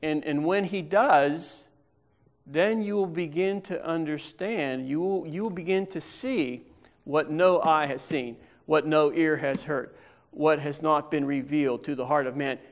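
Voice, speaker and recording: A man delivers a teaching sermon in a church. His voice sits a little high for a man, and he speaks slowly. He pauses often and explains each verse step by step. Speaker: preacher.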